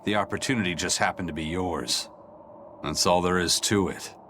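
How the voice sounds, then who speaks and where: An actor voicing a stern, seasoned male fighter in a video game, speaking in a gruff, calm, matter-of-fact way. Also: low-pitched, moderate pace, a little hiss or hum. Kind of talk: game voice acting.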